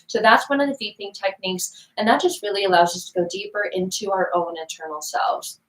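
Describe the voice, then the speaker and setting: A woman guest explaining therapy techniques in conversation, animated and expressive, swearing casually. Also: mid-range voice, brisk, a little hiss or hum, rough recording. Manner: animated, acts out example scenes, swears casually.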